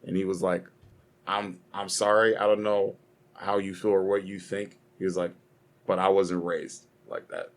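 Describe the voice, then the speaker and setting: A man's voice: sits low, little pitch movement, moderate pace. A young man co-hosting a casual podcast, rambling and swearing as he argues and tells stories. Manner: profane, rambling, heated storytelling. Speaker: podcast co-host.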